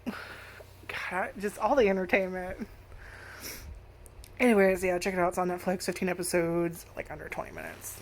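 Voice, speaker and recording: A woman's voice: lowish voice, fairly even intonation, normal speed, long pauses, slight background noise. A woman reviewing an anime casually, rambling, swearing a lot and laughing often. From United States.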